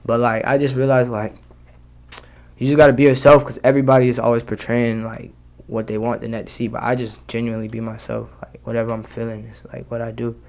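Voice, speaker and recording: Gravelly young man talking loose slang. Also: mid-range voice, little pitch movement, fast, a little mellow. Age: young adult. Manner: slangy, loose, many fillers. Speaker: rapper guest. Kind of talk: casual interview.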